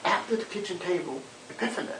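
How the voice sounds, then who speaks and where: An older man, a minister, telling civil rights era stories in an animated, conversational way, with frequent repeated words. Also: sits high, quick pace, vocal fry. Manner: animated storyteller, dramatic quotes, many repeated words. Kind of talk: conversational storytelling interview. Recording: echoey room, distant mic, hiss.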